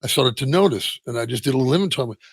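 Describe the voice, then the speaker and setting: Middle-aged man, interview guest, husky gravelly voice, dry close sound, halting candid delivery. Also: mid-range voice, animated, no room sound. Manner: halting, many restarts and soft trailing asides. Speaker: interview guest, retired football player. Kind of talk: candid personal storytelling.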